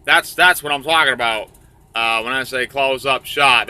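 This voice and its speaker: A man's voice: medium pitch, moderate pace, sharp tone, clear, resonant tone, dry recording. A man telling a crude comic story, rambling and profane.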